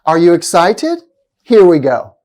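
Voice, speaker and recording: A woman reading a scripted pronunciation lesson, saying each example word slowly and deliberately with exaggerated stress. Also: lowish voice, sing-song, a little mellow. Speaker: pronunciation teacher.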